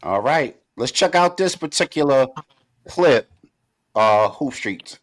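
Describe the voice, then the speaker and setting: A man hosting a casual sports podcast who leads the segments in a relaxed way. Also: medium pitch, takes it slowly, no room sound. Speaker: podcast host.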